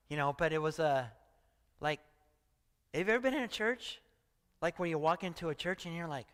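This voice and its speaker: Older pastor in a reverberant hall. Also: male voice, a little high, lively intonation, fairly quick, pauses often, fairly bright tone. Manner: chatty, storytelling, often asks "right?". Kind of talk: conversational sermon. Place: church hall.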